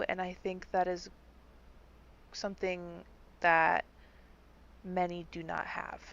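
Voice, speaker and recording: A woman as a hushed, grieving bard. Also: fairly low pitch, highs cut off. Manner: quiet, tender, slow. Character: gentle grieving female bard comforting a friend.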